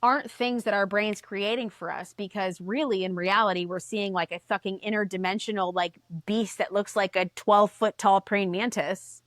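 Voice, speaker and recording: A woman guest on a podcast, telling a story in casual chat, animated, swearing and acting out the voices she quotes. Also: medium pitch, moderate pace, hardly any pauses, no room sound, studio quality.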